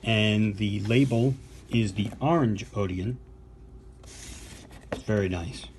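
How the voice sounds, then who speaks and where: A man's voice: fairly low pitch, slow, a little mellow, slight background noise. Chatty older man unboxing records. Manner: enthusiastic, chatty with fillers and asides. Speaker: podcast co-host and vinyl collector. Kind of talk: casual unboxing show-and-tell.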